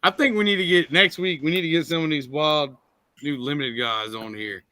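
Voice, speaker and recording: A man co-hosting a casual talk show, upbeat and quick to laugh. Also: on the high side, pushed and bright, no echo. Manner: upbeat, laughs often, reads sponsor lists. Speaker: podcast co-host. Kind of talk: casual chat.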